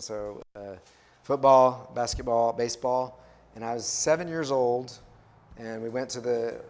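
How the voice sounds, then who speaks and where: A man's voice: mid-range voice, darkish tone. A man in his fifties from West Texas, a missionary telling his own life story in a sermon, with many fillers and restarts. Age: 50s. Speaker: missionary speaker. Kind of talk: personal testimony in a sermon.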